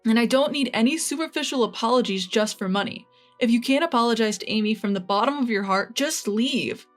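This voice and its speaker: A steady young husband stands firm in defense of his wife, voiced by a woman narrator. The delivery stays level and plain, with faint music in the background of the storybook reading. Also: a little high, brisk, close to an everyday voice. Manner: firm, protective. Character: loyal, calm young husband.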